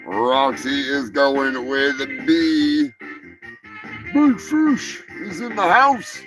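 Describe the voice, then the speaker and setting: A man's voice: fairly high pitch, expressive, extremely slow, low-quality recording. A man hosting a live comedy news show, who rambles, jokes and swears. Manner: rambling, profane, joking. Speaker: host. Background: music.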